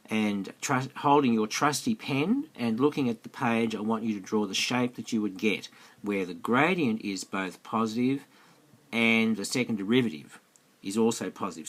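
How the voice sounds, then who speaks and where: A man teaching maths in a screencast lesson, chatty and repetitive, often checking that students follow. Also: fairly low pitch. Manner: chatty, repeats himself, asks students questions. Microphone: close mic over a tablet screencast.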